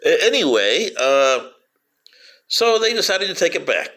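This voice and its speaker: Mocking high lively man, sing-song taunts. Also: a little slow. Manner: sarcastic, teasing sing-song taunts and cackling; rambling with frequent fillers. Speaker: political commentator. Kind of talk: mocking monologue to camera.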